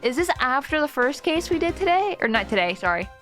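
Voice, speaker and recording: A young woman chatting excitedly as she plays through a game on a live stream, laughing often. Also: high voice, brisk, soft background music.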